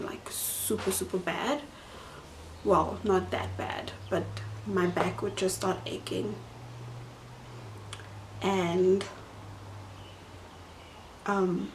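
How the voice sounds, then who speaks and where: A woman's voice: medium pitch, a little hiss or hum. A young adult woman with a South African accent, chatting casually to camera in a vlog and filling her talk with "like". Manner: chatty, lots of "like" fillers. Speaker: YouTuber.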